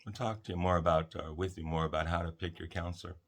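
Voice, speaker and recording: A man hosting a talk about counseling, speaking gently and reflectively to listeners and telling stories with many fillers. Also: deep voice, fairly even intonation. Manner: gentle, unhurried, storytelling with fillers.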